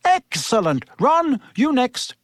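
A man voicing an encouraging middle-aged male teacher who gives brisk, cheerful commands to his class. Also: extremely high pitch, wildly swooping pitch, dry recording, clean studio sound, voice pushed up, exaggerated voice. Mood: commanding.

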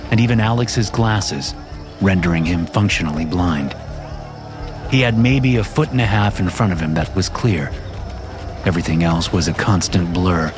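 A man with a low voice narrates a scripted horror story at a steady, measured pace. His delivery stays even and controlled, with background music playing under the narration the whole way through.

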